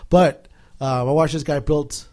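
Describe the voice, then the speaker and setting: A man's voice: fairly high pitch, steady tone, a little slow, a little mellow. A man chatting casually, scattered and full of fillers. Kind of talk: casual chat.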